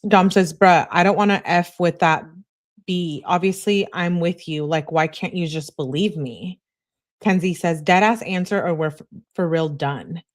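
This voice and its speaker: A woman, a true crime commentator, reading both sides of a text exchange aloud in a flat recounting tone. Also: fairly low pitch.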